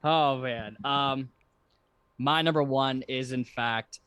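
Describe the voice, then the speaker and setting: A man's voice: mid-range voice, fairly even intonation, slow, a bit bright, clear, resonant tone, no room sound. A man co-hosting a podcast in casual chat, laughing often and acting out quoted lines in voices. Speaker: podcast co-host.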